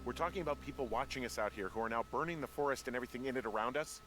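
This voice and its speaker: An actor playing a weary middle-aged male fire lookout with dry, deadpan humor, in video game voice acting over game music. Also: mid-range voice, very fast, lightly acted, rough recording. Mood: tense.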